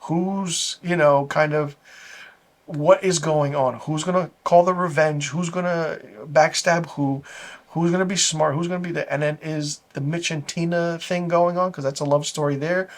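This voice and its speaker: A man's voice: on the high side, steady tone, moderate pace. A man reviewing a TV episode in a casual, rambling recap. He is enthusiastic, uses many fillers, and often says "like". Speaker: TV episode reviewer, channel host.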